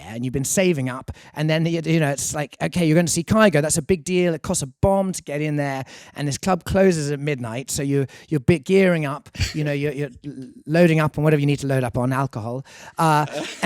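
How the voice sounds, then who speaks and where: An Englishman with an English accent chats as a studio interview guest, telling stories with dry, self-deprecating humor. His voice sits a little higher than most men's. The recording is dry and close, with no room echo. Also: a little mellow. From England. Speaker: guest singer-songwriter. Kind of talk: casual interview chat.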